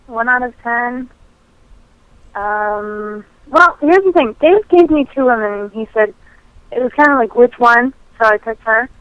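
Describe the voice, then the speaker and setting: A woman's voice: fairly high pitch, measured pace, smooth, dry recording. A woman calling into a casual podcast, playfully defensive about the teasing. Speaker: phone guest. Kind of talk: casual chat. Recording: dull, dry phone-line sound.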